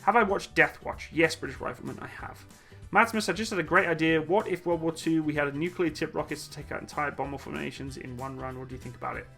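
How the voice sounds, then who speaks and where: A man's voice: a little high, fast talker, creaky, pushed and bright. A man hosting a casual live Q&A stream, reading chat questions aloud in a jokey, laid-back way and laughing easily. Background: faint upbeat music.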